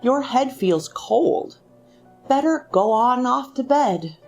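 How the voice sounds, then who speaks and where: A woman voicing a mild middle-aged husband who speaks in a gentle, solicitous way. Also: high-pitched, lively intonation, slow, soft background music, pitched above the performer's own voice, full character voice.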